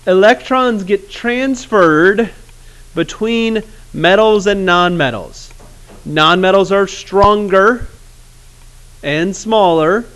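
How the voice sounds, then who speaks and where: A man teaching chemistry in a classroom, casual and joking, with awkward pauses. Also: high-pitched, fairly bright tone, clean tone. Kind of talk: classroom lecture.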